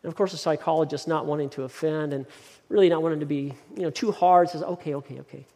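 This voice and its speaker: A man's voice: on the high side, steady tone, quick pace, dark tone. A man preaching a sermon as pastor, emphatic, often repeating words as he builds his point. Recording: long hall reverb.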